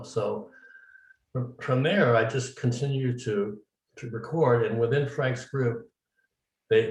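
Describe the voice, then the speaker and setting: A man being interviewed, telling his story casually and acting out the dialogue he quotes. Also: mid-range voice. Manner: recounts events at length, acting out quoted dialogue. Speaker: interview guest, medium. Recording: roomy, distant mic.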